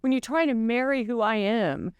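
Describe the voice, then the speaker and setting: A woman's voice: a little high, normal speed, clear, resonant tone, dry recording, clean studio sound. An older woman author talking candidly and animatedly in a casual interview, swearing freely and laughing at herself. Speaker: novelist guest.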